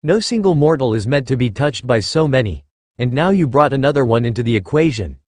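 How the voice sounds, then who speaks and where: A man's voice: medium pitch, expressive, a little fast, a little mellow, dry recording, lightly acted. A man voicing an angry male sorcerer who snaps and snarls at his rival. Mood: stern.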